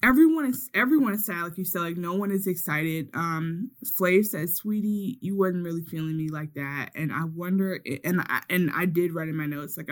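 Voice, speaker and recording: Podcast co-host, woman with a lower voice, lively storyteller who acts out every quote. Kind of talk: casual recap chat.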